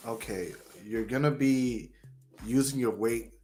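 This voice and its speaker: A man's voice: medium pitch, measured pace, a little mellow, faint music behind. A man on a boxing panel giving plain, matter-of-fact predictions. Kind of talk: casual boxing panel chat.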